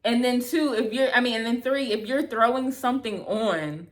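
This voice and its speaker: A woman in her thirties telling a bad-date story to camera, animated and exasperated, acting out both sides of the conversation, with lots of "like" and casual swearing. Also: fairly high pitch, normal speed. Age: 30s. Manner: heavy filler "like", casual swearing. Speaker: vlogger. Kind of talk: storytime vlog, casual retelling.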